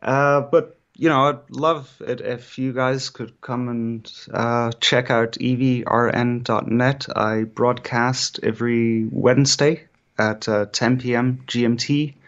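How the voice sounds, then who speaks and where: A man with an Irish accent, a guest and radio broadcaster, speaking in a measured, polite and slightly hesitant way. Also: mid-range voice, fairly even intonation, highs cut off. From Ireland. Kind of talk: casual chat.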